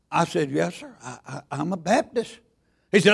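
A man preaching a sermon in a church. He is a loud, folksy Baptist pastor who tells stories with stammering restarts. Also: on the high side, expressive, normal speed, vocal fry, breathy edge. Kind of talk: sermon with storytelling.

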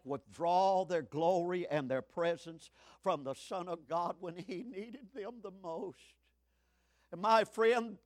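A man in his seventies preaching a fiery sermon, swinging from shouts to hushed tones. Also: high-pitched. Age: 70s.

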